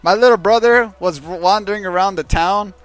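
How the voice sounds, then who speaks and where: Over faint background music, a high-pitched man speaks fairly quickly as he tells a rambling, profanity-heavy story on a stream. It's casual storytelling, and he keeps checking in with listeners by asking "right?".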